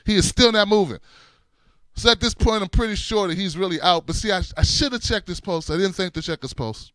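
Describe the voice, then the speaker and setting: Middle-aged male host, comic storyteller, high smooth voice, dead-dry room. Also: brisk, dry recording. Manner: animated, laughs through his story, shifts between loud and hushed. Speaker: show host.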